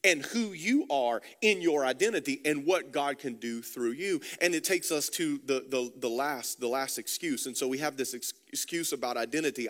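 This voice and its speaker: A man's voice: mid-range voice, normal speed, hardly any pauses, fairly bright tone, long reverb tail. A man preaching a sermon as a pastor, passionate and repeating words as he builds his points.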